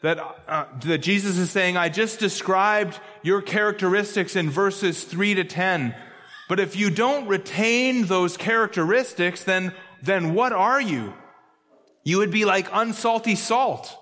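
A man preaching a sermon as pastor, emphatic, repeating key phrases and slowing down to stress them. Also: sits high, bright, forceful tone, in a large hall.

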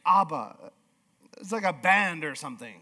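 A man's voice: sits high, expressive, normal speed, a bit bright, a little hiss or hum. A male pastor preaching a sermon with emphatic, repeated phrases.

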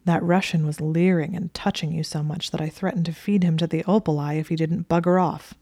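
A smug, teasing young wizard who likes to tease his wife , read by a woman. The voice sits low and mellow with a gravelly edge. It is recorded close and dry. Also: fairly even intonation, brisk, no echo. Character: teasing possessive young male wizard librarian.

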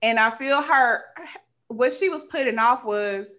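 Young woman podcast host, high and bright, animated storytelling rant. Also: unhurried. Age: young adult. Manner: animated, colloquial, acts out dialogue.

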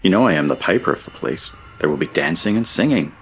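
A man's voice: deep voice, expressive, fast, gravelly, slight background noise. A man reading an audiobook, voicing a cheerful young male Scottish miner turned farmhand in a hearty, merry way. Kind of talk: audiobook character voice.

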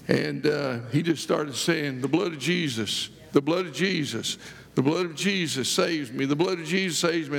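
A man's voice: a little high, vocal fry, in a large hall. A man preaching a sermon to a church, joking and rambling through stories with many restarts. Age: older. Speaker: guest preacher. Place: church sanctuary.

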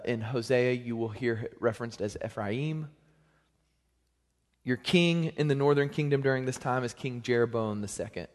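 A young man preaching a sermon as pastor, in a conversational, joking manner with lively swings in pitch and loudness. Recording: long hall reverb.

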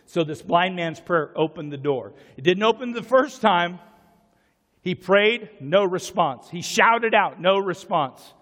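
A male pastor preaching a passionate sermon to a church congregation, often raising his voice to a shout. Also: high-pitched, animated, measured pace. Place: church sanctuary. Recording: church sanctuary with long reverb.

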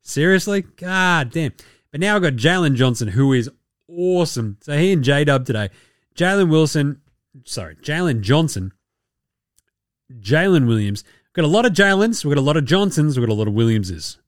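An Australian man hosting a sports podcast, talking in a profane, joking, excitable way. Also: fairly high pitch, moderate pace, no room sound, clean studio sound. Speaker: podcast host. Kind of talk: casual sports commentary.

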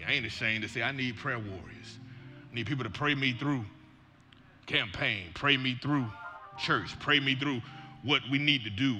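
Preacher man, real bright edgy voice, hollers and jokes around. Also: mid-range voice. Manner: shouting, impassioned Black church preaching cadence; folksy, joking asides. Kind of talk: sermon.

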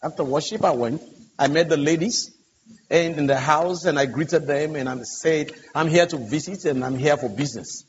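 A man's voice: a little high, moderate pace. Earnest male pastor in echoey hall. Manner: earnest, emphatic retelling of dialogue. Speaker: pastor and conference panelist. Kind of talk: storytelling testimony on a panel. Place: large conference hall. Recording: dull, echoey conference hall audio with hiss.

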